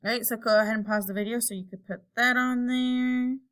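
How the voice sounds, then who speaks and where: A woman teacher giving a recorded lesson, explaining slowly and patiently and thinking aloud while she types. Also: a little high, fairly even intonation, a bit bright.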